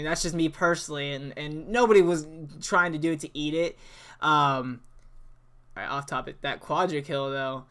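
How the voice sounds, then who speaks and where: A man's voice: fairly high pitch, bright, forceful tone. A young man hosting a gaming channel, telling a story over gameplay in a laid-back way, swearing freely and rambling with restarts.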